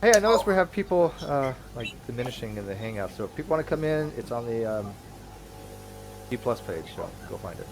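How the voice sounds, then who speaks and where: A man's voice: mid-range voice, big pitch swings, brisk, background noise. A man hosting a casual online hangout, rambling and stumbling over restarts as he talks. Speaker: livestream host.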